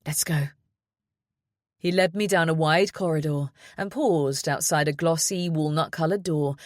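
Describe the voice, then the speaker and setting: A woman with a low voice reads a novel aloud in the first person. The sound is dry and close, with no room echo. Her delivery is measured and steady. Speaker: audiobook narrator. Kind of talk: scripted first-person narration.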